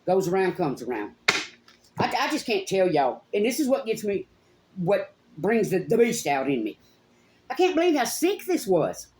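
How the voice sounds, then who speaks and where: A woman's voice: medium pitch, huge pitch swings, normal speed, a little mellow, slight background noise. A middle-aged woman hosts her psychic channel, ranting straight to camera in a heated, accusing tone, swearing and repeating phrases for emphasis. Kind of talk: angry direct-to-camera rant. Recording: echoey room.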